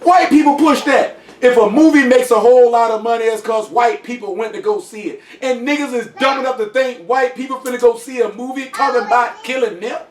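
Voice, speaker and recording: A man speaks emphatically in a casual group discussion and keeps checking that his listeners follow him. His voice sits high. He is recorded from some way off in a room with plenty of echo. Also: fairly quick, hardly any pauses. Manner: emphatic, repeats "you know what I'm saying". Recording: echoey room, voice from a distance.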